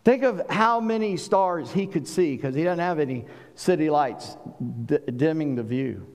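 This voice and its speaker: A man from South Carolina with a Southern accent, preaching a sermon and swinging between booming and hushed delivery. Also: animated, a little slow, long reverb tail. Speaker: pastor.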